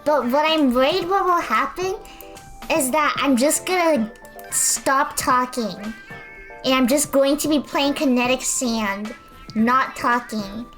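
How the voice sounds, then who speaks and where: High-voiced chatty woman streamer. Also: slow pace, a bit bright, soft background music. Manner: chatty, self-deprecating, rambling storyteller. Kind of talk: casual stream chat while painting.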